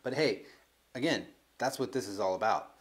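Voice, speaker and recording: Man, energetic co-host, casual upbeat coaching chat. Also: fairly low pitch, moderate pace. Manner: enthusiastic, eager affirmations.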